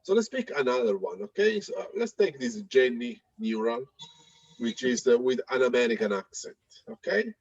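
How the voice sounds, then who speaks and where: Husky man giving a hesitant tech demo. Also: medium pitch, big pitch swings, normal speed, no room sound, lo-fi sound. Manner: hesitant, many fillers and restarts. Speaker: presenter demonstrating software. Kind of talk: live tech demo talk.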